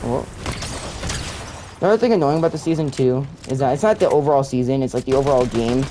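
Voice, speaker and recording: A man's voice: medium pitch, fast talker, warm tone, rough recording. A young man commenting on his own gameplay, rambling and complaining, with many fillers and restarts. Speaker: gamer. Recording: faint game noise and gunfire behind.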